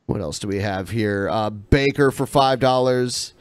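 A man hosting a live podcast, reading viewer messages aloud with casual fillers and pauses between them. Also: fairly low pitch, clear, resonant tone. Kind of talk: casual live-stream chat. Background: panel of co-hosts.

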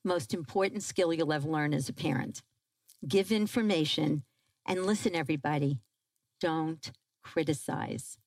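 A woman giving a parenting talk to a live audience, animated and asking the crowd questions. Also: deep voice, normal speed, no room sound, low-quality recording. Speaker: parenting speaker.

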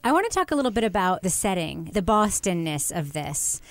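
A woman's voice: on the low side, big pitch swings, fairly quick, no echo. Woman podcast host, leads the chat, laughs a lot, dry close mic. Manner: leads the talk, laughs often. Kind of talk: casual podcast discussion.

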